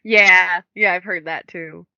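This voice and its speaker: A woman's voice: lowish voice, fairly even intonation, slow pace, sharp tone, no echo, lo-fi sound. A young woman co-hosting a book podcast, chatting casually and filling her talk with "like". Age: young adult. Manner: chatty, many "like" fillers. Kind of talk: casual chat.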